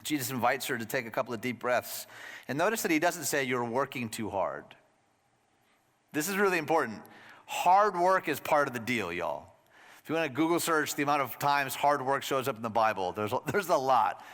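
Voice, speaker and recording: Conversational pastor in a reverberant church. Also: male voice, brisk. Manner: conversational and animated, drops to a soft low voice for emphasis. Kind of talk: sermon. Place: church hall. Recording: long reverb of a church hall.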